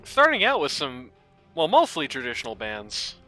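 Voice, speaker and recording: A man's voice: a little high, wildly swooping pitch, moderate pace, pushed and bright, faint music behind. A man casting an esports match in a chatty, joking way, swearing casually as he talks through the draft. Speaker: esports caster. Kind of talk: casual game commentary.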